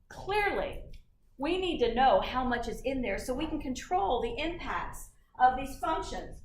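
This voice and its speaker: A woman giving a university lecture in a lively, chatty way, often putting questions to the class. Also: high-pitched, slight background noise. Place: lecture hall. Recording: echoey hall, from far off.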